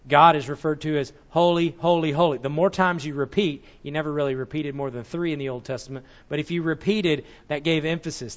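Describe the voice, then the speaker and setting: Man teaching a sermon in a dull recording. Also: on the high side. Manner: explanatory, corrects himself mid-sentence. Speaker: Bible teacher.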